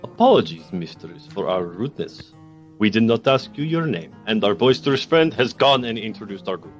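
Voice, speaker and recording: A man putting on a low, smooth rogue. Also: sing-song, moderate pace, lo-fi sound, faint music behind. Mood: polite.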